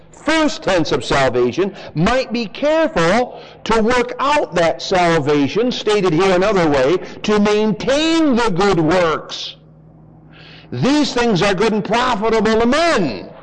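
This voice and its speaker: A man's voice: on the high side, long reverb tail, a little hiss or hum, poor audio. A man preaching a verse-by-verse Bible sermon, reading scripture aloud and explaining it to his congregation.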